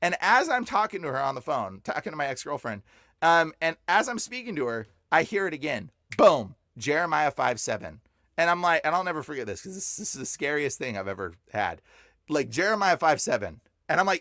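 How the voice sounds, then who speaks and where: A young man on a podcast telling a personal story with lots of excitement, his voice jumping up whenever he quotes himself. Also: a little high, fairly quick, no room sound, clean studio sound. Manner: excitable, voice jumps up when quoting himself. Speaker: podcast guest.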